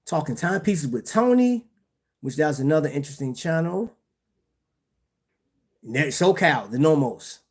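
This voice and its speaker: A man's voice: a little high, animated, unhurried, pauses often. A man hosting a casual livestream about watches, talking in slang, laughing often and addressing his chat. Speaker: watch channel host.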